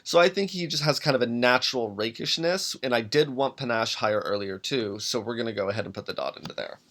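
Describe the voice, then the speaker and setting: A man hosting a tabletop game podcast, talking casually on his own as he builds a character, thinking aloud with many pauses and restarts. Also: medium pitch, fairly bright tone. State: has the hiccups. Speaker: podcast host making a character. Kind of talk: casual solo walkthrough.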